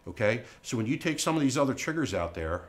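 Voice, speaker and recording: A man's voice: medium pitch, fast. A middle-aged man and company founder presenting a new product at a live Q&A, folksy and emphatic, tagging lines with "all right?" and "okay?" and acting out the people in his stories. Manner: animated storyteller acting out quoted people.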